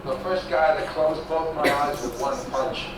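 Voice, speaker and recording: A tough, reminiscing young man on a road trip, played by an actor in an old TV drama. His voice sits a little high and comes from a distance. The clip is played back in a very echoey hall with steady noise behind it. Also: unhurried, natural voice. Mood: conversational.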